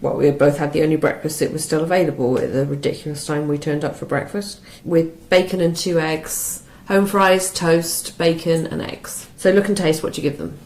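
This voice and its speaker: A woman's voice: low voice, fairly even intonation, moderate pace, hardly any pauses, a little mellow. Self-mocking woman, roomy sound. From Britain. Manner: self-mocking, laughs often. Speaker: podcast co-host. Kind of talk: casual food review chat. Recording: roomy echo.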